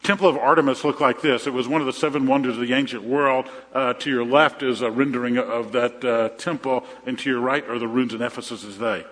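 A man's voice: mid-range voice, steady tone, a little fast, hardly any pauses, fairly bright tone. A middle-aged man preaching a sermon as a pastor, conversational, often repeating his phrases and telling jokes. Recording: reverberant hall.

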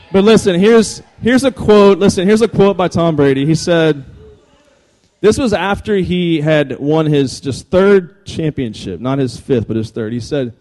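A man giving an animated, humorous talk to a live audience. He jokes, repeats phrases and keeps calling for the crowd's attention. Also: a little high. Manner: energetic, jokey, repeats phrases, calls for attention. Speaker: speaker addressing a live audience.

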